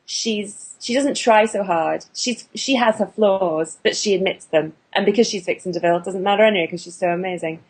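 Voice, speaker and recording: This burlesque performer and actor from England talks in a casual interview with many fillers and restarts. Her medium-pitched voice moves a little fast, with few pauses.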